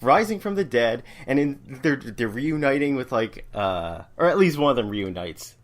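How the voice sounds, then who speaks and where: A man chatting on a comics podcast with a lively, swinging pitch. He jumps into quoted lines and laughs his way through them. His pitch sits mid-range for a man. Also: normal speed. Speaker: podcast co-host. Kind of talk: casual chat about comics.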